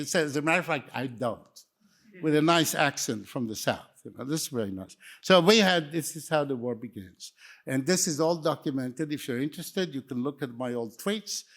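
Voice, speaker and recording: Older guy, english not his first language, dry and wry, keeps drifting into stories, slightly high voice. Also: lively intonation, normal speed, fairly bright tone. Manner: wry, anecdotal, digressive. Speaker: speaker. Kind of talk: lecture talk.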